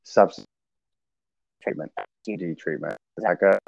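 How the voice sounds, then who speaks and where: Gravelly low-voiced man, halting storyteller. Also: darkish tone, no room sound, muffled recording. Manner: halting, many restarts and fillers. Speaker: podcast guest sharing recovery story. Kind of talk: casual conversational storytelling.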